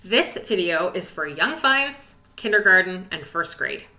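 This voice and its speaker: A woman teaches a music lesson on video for young children, cheerful and encouraging. Her pitch swings widely, her tone is bright, and the room echoes. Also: very animated, unhurried. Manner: cheerful, encouraging, sing-song with whispered rests.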